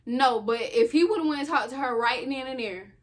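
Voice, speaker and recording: A woman's voice: high voice, moderate pace. A young woman co-hosting a casual storytime chat, chiming in and laughing as she tells her side. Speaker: co-host.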